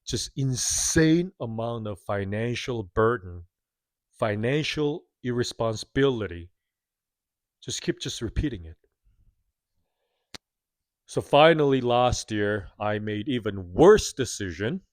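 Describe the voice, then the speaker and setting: A man's voice: mid-range voice, animated, slow, long pauses, no room sound, clean studio sound. A man in his thirties giving a candid, self-critical, earnest confessional monologue to his viewers. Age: 30s. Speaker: vlogger.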